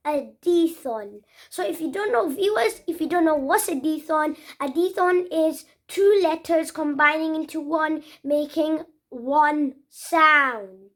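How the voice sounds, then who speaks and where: Child, English accent, high bright voice, unhurried, repeats sounds carefully, casual lesson. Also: female voice. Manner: repeats sounds slowly and earnestly, with restarts. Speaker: pronunciation trainer.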